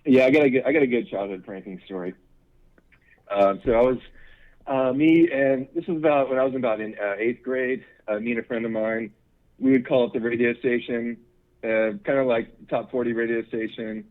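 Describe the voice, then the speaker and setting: A man's voice: medium pitch, a little fast. A man calling into a show, telling a rambling, laid-back story and swearing freely. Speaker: caller. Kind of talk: casual anecdote over the phone. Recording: tinny phone line.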